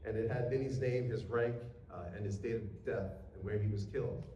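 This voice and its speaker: A man's voice: fairly low pitch, steady tone, a little fast, mellow, slight background noise. Man giving an earnest speech in an echoey hall. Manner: earnest storytelling, quoting others, hesitant fillers. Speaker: keynote speaker. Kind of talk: ceremonial speech with storytelling. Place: courthouse event room. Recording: echoey room from a distance with faint ambience.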